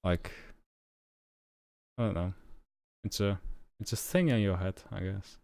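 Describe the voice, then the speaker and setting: A young man with a low voice hosts a loose podcast chat. He rambles through fillers and restarts and laughs easily, and the recording sounds dry and close. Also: a little slow, gravelly, darkish tone, no echo. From Netherlands, Friesland. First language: Frisian. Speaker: podcast host. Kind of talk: casual chat on a livestreamed podcast.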